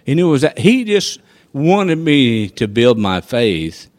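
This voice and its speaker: A man telling a personal faith testimony in a folksy, animated storytelling manner. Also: medium pitch, unhurried, no room sound. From rural farming background. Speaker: guest sharing testimony.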